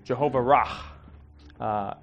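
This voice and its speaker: A man's voice: mid-range voice, slow pace, gravelly, slight background noise. A man giving a casual, heartfelt sermon, talking conversationally with many fillers and getting emotional. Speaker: preacher.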